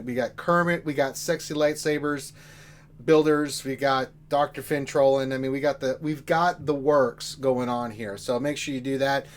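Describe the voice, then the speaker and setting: A man's voice: fairly high pitch, lively intonation, fairly quick. A man co-hosting a game livestream in casual chat, joking and talking straight to his viewers in a rowdy way. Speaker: livestream co-host.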